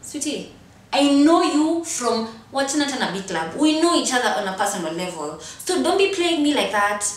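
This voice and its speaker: Woman putting on a sassy girl voice, sharp and dismissive, pretty high, echoey and far off. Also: very animated, moderate pace. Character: sassy young woman calling someone out. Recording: echoey room, far from mic.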